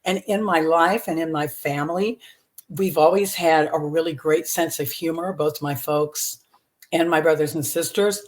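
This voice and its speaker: A woman's voice: deep voice, steady tone, moderate pace. A woman in her seventies from Texas, a comedian talking openly about her life as a podcast guest, laughing often and using many fillers. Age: 70s. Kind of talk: candid personal storytelling.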